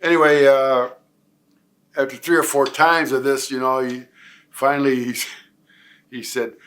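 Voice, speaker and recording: A man's voice: mid-range voice, steady tone, a little slow, long pauses, a bit bright. Rambling older man from Nebraska. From Nebraska, USA. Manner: rambling storyteller, many fillers and restarts. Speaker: retired pro wrestler, guest. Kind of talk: career shoot interview.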